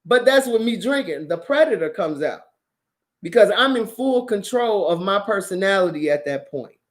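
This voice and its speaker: A woman's voice: mid-range voice, expressive, moderate pace. A woman hosting a show, talking casually to her viewers and giving blunt, profane dating advice with lots of laughter. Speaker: host.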